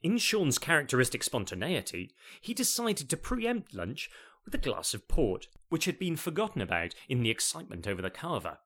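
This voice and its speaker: Lively, wry male storyteller. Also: mid-range voice. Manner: wry and playful. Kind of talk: comic story narration.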